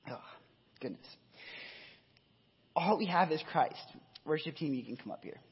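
A man's voice: fairly high pitch, lively intonation, measured pace, breathy edge. A man preaching a sermon as pastor, earnest and emotional, with frequent fillers and restarts. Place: church hall. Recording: dull echoey hall sound.

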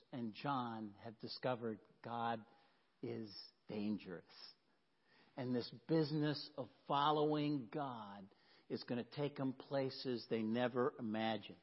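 A man preaching a sermon as pastor, earnest and emphatic, often dropping to a hush. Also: mid-range voice. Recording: dull sound with long hall reverb.

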